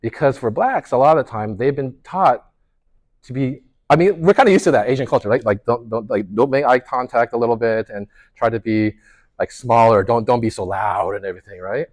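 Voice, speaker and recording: A man, a pastor, leading a workshop in a conversational way, telling stories with lots of restarts and fillers. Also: brisk. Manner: animated storyteller, lively pitch swings, many restarts and fillers.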